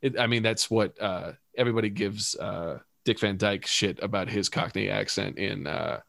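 A man with a somewhat low voice co-hosts a casual podcast, rambling through stumbles and restarts and breaking into laughter now and then. The sound is dry and close. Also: moderate pace, vocal fry, fairly bright tone, dry recording. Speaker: podcast co-host. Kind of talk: casual chat.

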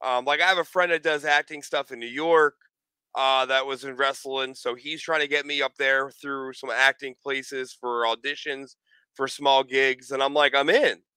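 A man's voice: mid-range voice, normal speed, clean tone, dry recording. A man chatting casually, telling stories and acting out the quotes with energy. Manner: animated storyteller, acts out quotes. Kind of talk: casual chat.

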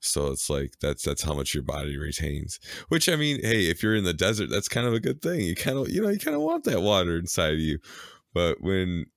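A man in casual chat, eager, quick to joke and laugh along. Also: low-pitched, wildly swooping pitch, gravelly, no room sound, clean studio sound.

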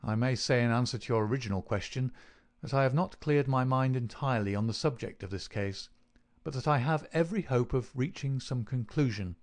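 A man's voice: medium pitch, natural voice. A man voicing a precise, reserved male detective in an audiobook reading. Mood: measured. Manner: measured, precise. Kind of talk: audiobook character voice.

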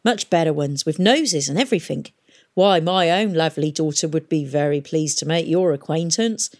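A woman reading a storybook aloud and voicing a rough, volatile male pirate mayor with crude working-class speech. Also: sits low, moderate pace. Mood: fawning.

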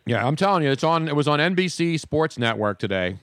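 Lively boisterous male talk host. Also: on the high side, a little fast, no room sound, studio quality. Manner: boisterous, opinionated storyteller. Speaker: radio show host. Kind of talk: casual talk-show banter.

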